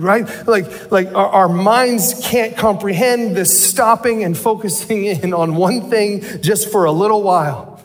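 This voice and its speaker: A middle-aged man preaching a sermon as a pastor, animated and asking the congregation questions. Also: sits high. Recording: long reverb of a large hall.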